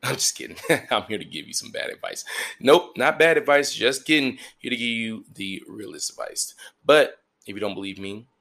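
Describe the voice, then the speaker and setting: A man's voice: mid-range voice, lively intonation, normal speed, creaky, bright, forceful tone. A man hosting a podcast, delivering a crude, joking monologue full of repeated phrases and playful asides. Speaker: podcast host.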